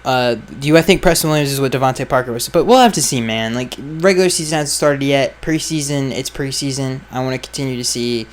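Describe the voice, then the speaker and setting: Brisk and mid-range, with few pauses, a podcast host answers fan questions outdoors where flies are around. His casual chat is full of blunt, offhand opinions and trailing sentences, and there's a little hiss or hum.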